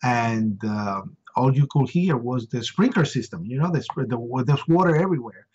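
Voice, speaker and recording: A middle-aged man, an interview guest, recounting a harrowing first-hand story with emotion, repeating words and acting out shouts. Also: medium pitch, normal speed, dull audio, a little hiss or hum.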